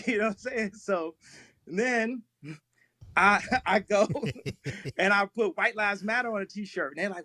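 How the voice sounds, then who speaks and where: A man telling stories in casual talk on a live stream, animated, laughing often and repeating himself. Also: high-pitched, measured pace, no room sound. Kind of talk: casual storytelling.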